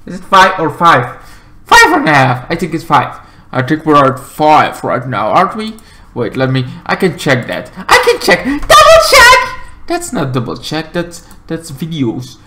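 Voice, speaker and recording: A young man hosting a casual vlog recap, rambling, swearing and breaking into sudden shouts and squeals. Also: on the high side, sing-song, normal speed, reverberant, a little hiss or hum. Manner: loud, erratic bursts of shouting and squealing; swears freely, rambling with fillers. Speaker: YouTube recap host.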